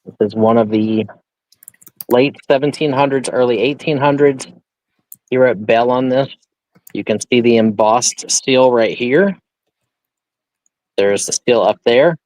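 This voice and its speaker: Man, auction live-streamer, loose joking patter, mid pitch, dry close sound. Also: measured pace, long pauses, a little mellow, no room sound, poor audio. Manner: chatty, thinking aloud, joking. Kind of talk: casual live-stream selling.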